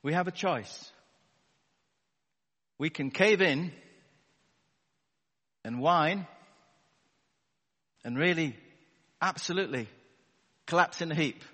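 Male preacher, slightly high voice, chatty and wry with rhetorical asides, live in a big echoing church hall. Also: lively intonation, takes it slowly, long pauses, pushed and bright. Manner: conversational and wry, asks the congregation rhetorical questions. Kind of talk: sermon. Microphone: wireless battery microphone. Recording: long reverb of a large hall.

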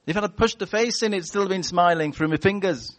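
A man preaching a sermon in a church, animated and chatty, telling stories and acting out voices. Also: high-pitched, brisk. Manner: animated, storytelling with acted-out voices.

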